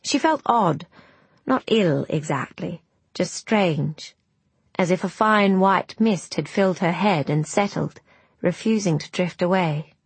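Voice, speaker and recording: A woman narrating an audiobook in a slow, measured storytelling manner. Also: lowish voice, animated, slightly rough, no room sound.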